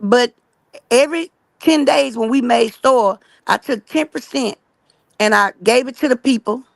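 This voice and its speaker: A woman with a gravelly, slightly high voice pours out an earnest religious testimony at a fast pace. She keeps checking in with her listeners as she goes. Her voice sounds dry and close. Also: no echo. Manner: fast and emphatic, keeps asking "right?" and calling "y'all". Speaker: guest telling her story. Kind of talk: rambling personal testimony.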